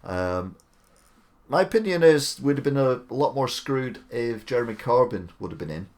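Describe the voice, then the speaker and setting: A man's voice: medium pitch, expressive, moderate pace, a little mellow. A man hosting a live stream, giving chatty, opinionated commentary with rambling asides.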